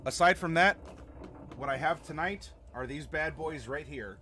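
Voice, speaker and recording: A man's voice: on the high side, a little slow, bright, forceful tone, a little hiss or hum. A young man hosting a live stream as game master, chatting casually and rambling with many fillers and restarts.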